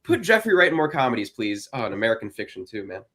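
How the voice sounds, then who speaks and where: Excitable male podcast panelist. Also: mid-range voice, fast. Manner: excitable, gushing. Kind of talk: casual film discussion.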